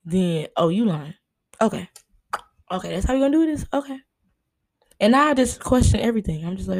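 Young woman doing a solo podcast rant, fed up and animated, talks to listeners like friends. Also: medium pitch, fairly quick, long pauses. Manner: animated, exasperated, addresses listeners as y'all and honey. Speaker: podcast host.

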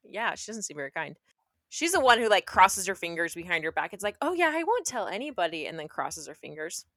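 A woman's voice: on the low side, animated, fairly quick, a bit bright, no room sound. A young woman reading a fairy tale aloud and breaking off into playful, sarcastic jokes. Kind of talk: reading a story aloud with joking asides.

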